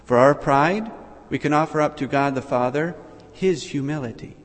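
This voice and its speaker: A man preaching a sermon in a measured, reflective way, pausing between short phrases. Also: on the high side. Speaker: priest. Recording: long reverb in a large hall.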